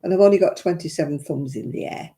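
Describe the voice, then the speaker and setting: A woman's voice: deep voice, fast, warm tone. A woman hosting a casual craft live stream, telling stories in a chatty, self-mocking way and laughing between them.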